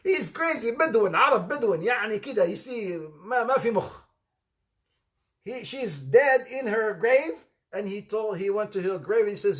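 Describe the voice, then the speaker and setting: In a relaxed sermon peppered with humor, an animated Islamic preacher tells stories at a normal pace in a high voice. He switches between English and Arabic phrases, imitates quoted speakers, and breaks into laughter at his own tales.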